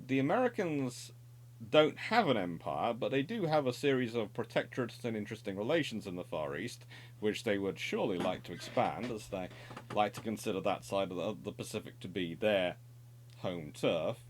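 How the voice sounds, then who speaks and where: A man's voice: lowish voice, lively intonation, moderate pace, a little hiss or hum. A middle-aged man presenting naval history in an unscripted, discursive explanatory monologue. He corrects himself often and adds wry asides.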